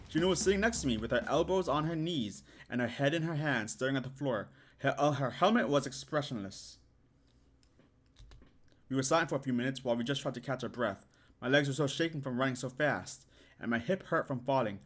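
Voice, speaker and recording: A man streaming, reading a story aloud and reacting with excited squeals and joking asides. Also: medium pitch, fairly quick. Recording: music playing behind the voice. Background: music.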